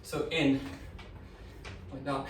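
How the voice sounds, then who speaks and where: A man's voice: mid-range voice, flat delivery, slow, slight background noise. Man, fitness coach, home workout, out of breath, encouraging, echoey room, distant mic. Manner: encouraging, casual coaching talk with fillers. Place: indoors at home.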